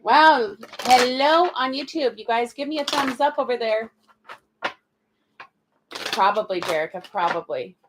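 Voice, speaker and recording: A woman's voice: on the high side, expressive, a little slow, long pauses, background noise. A woman giving live-stream spiritual card readings, chatty and calling viewers darling and sweetie. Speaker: spiritual reader.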